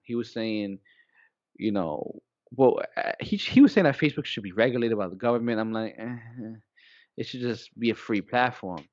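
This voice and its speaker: A man co-hosting a small podcast, talking casually and rambling, getting animated when he quotes people. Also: mid-range voice, moderate pace, dry recording, highs cut off. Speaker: podcast co-host.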